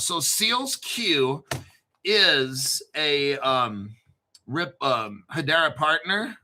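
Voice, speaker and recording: Bright-voiced, joking man hosting. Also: on the high side, lively intonation, slow pace, long pauses. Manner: joking, profane, storytelling. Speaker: crypto show host. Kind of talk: rambling casual monologue.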